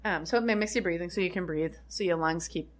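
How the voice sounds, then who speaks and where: A woman's voice: lowish voice, fast talker. A woman co-hosting a casual podcast, explaining facts with many ums and restarts. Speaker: podcast co-host. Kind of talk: casual chat.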